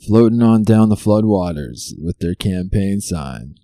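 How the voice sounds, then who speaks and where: A man's voice: lowish voice, expressive, a little slow, few pauses, warm tone, no echo, clean studio sound. A man hosting a comedy talk show, delivering a sarcastic topical monologue full of rhetorical questions. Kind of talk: stand-up style topical monologue.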